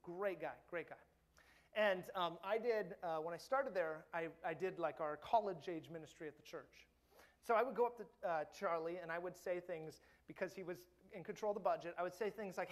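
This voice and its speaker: A middle-aged man preaching a sermon as pastor, earnest and emphatic, dropping soft and slow on his key points. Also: sits high.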